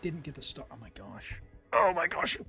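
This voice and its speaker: A man streaming a game, commenting excitedly, talking to his characters and laughing often. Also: fairly high pitch, normal speed, gravelly, faint music behind. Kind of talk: live gameplay commentary.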